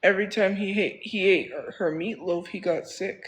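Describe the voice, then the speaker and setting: A man's voice: sits high, steady tone, moderate pace, fairly bright tone, low-quality recording. A man telling a story on a casual livestream, rambling and repeating phrases for emphasis in a heated, defensive way.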